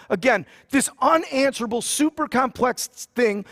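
High-voiced man preaching casually. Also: expressive, moderate pace. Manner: casual and joking, with slang asides; reads scripture aloud and retells it in everyday talk. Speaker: pastor. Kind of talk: sermon.

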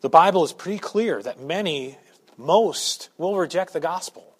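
A pastor preaching a sermon to his church, shifting from quiet asides to loud, emphatic points. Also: fairly high pitch, lively intonation, normal speed, slightly rough. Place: church sanctuary.

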